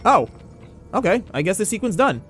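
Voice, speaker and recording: A man's voice: sits high, sing-song, normal speed, a bit bright. A young man giving casual, jokey let's-play commentary, trash-talking the game and its characters. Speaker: gameplay commentator. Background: game music.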